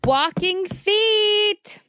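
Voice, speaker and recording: A patient, gentle mom. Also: female voice, very high voice, lively intonation, drawn-out words, faint music behind, heavily acted. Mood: warm. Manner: patient and instructive. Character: gentle, safety-minded mother. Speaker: mother.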